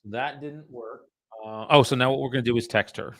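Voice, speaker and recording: A man's voice: medium pitch, fairly even intonation, a little fast, fairly bright tone, no room sound, clean studio sound. A man working as a real estate agent, making calls on a live stream and talking offhand asides to his viewers. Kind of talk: live-streamed cold calling with commentary.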